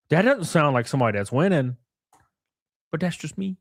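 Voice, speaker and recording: A man reacting on his stream in loose, mocking commentary, cursing freely and laughing often. His voice sits a little high and swings widely up and down. The sound is dry and close, with no room in it. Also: sing-song, moderate pace, no echo. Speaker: streamer host.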